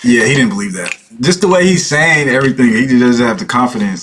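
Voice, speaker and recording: A man's voice: medium pitch, animated, fast, a bit bright, a little hiss or hum. A man hosting a reaction video, chatting casually and mimicking the people he watches.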